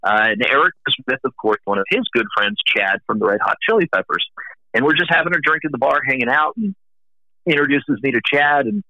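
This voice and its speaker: A man's voice: mid-range voice, lively intonation, brisk, pushed and bright, no echo. Rambling middle-aged man, dull dry sound. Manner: rambling anecdotal storyteller. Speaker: music industry guest. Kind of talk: casual conversation.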